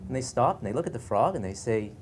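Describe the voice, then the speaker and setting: A man, a science journalist, giving a relaxed, conversational talk at a conference centre with an anecdote. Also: mid-range voice, fast talker, a little hiss or hum. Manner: relaxed, conversational, with fillers and light laughter.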